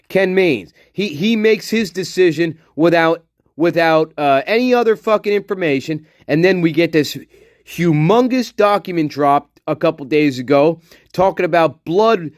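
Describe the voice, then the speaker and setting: A man's voice: a little high, no echo, studio quality. A man hosting a casual livestream, swearing and ranting angrily, then muttering to himself as he reads the chat. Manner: profane angry ranting; muttering while reading chat. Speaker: livestream host.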